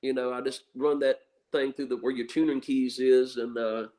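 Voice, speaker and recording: A man's voice: medium pitch, flat delivery, normal speed, warm tone. A bluesman from Mississippi with a Southern accent, telling stories on a radio show in a rambling way full of fillers. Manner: meandering, filler-heavy storytelling. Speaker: blues musician guest. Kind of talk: rambling radio interview chat.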